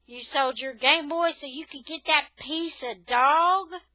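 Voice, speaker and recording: A woman reading a storybook aloud gives voice to a scornful young teenage boy. He talks slow and blunt, looking down on others, with a bright edge. The sound is close and dry. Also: high-pitched, no echo, voice pushed up, full character voice. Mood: sneering. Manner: sneering, blunt.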